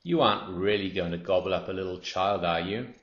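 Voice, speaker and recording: A man voicing a lively little monkey, raising his voice high and bright in a storybook reading. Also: a little fast. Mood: chirpy. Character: jittery chattering male monkey. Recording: roomy, dull lo-fi.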